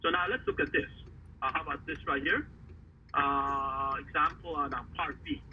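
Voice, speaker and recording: A man teaching a math lesson, talking haltingly with many fillers and quizzing the class. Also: on the high side, recorded from a distance. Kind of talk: classroom lecture at a board. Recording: faraway voice over a tinny, noisy line.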